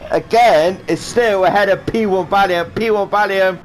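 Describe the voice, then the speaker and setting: A man's voice: high voice, normal speed. A man giving rambling, jokey live commentary on a sim race he is also driving in, with a faint hum of game sound behind him. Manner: rambling, jokey, does silly voices for drivers.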